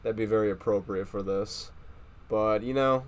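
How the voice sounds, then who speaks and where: A man's voice: lowish voice, steady tone, moderate pace, clean tone. A man reading a novel aloud, rambling and swearing freely as he sums up the plot and jokes at himself, still getting over a cold. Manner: rambling and profane, laughs at himself. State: recovering from a cold. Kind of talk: casual reading aloud with commentary.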